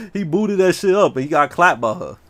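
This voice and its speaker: A man's voice: sits high, moderate pace, dry recording. A man chatting casually and brashly while streaming a game. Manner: brash, slangy, animated. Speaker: livestreamer. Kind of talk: casual gaming stream talk.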